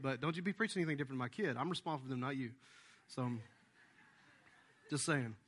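A man preaching a sermon as the pastor, telling a family story in an animated, conversational way. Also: a little high.

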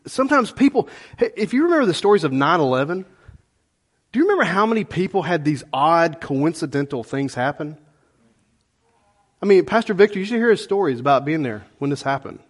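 A middle-aged male pastor delivers a sermon in a conversational, folksy way, checking in with his listeners as he goes. His voice sits a little high for a man. It swings widely in pitch as he preaches. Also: big pitch swings, a little fast.

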